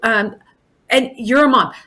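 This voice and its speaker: A woman in her forties who runs an in-home daycare, talking in a casual podcast interview with a warm, chatty manner and many restarts and fillers. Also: a little high, measured pace, slight background noise. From Alaska.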